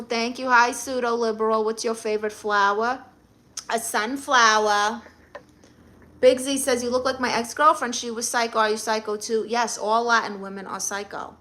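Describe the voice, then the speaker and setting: A woman's voice: on the high side, pushed and bright. A middle-aged woman with a Brooklyn accent, hosting a live stream and reading chat comments aloud with blunt, sassy comebacks.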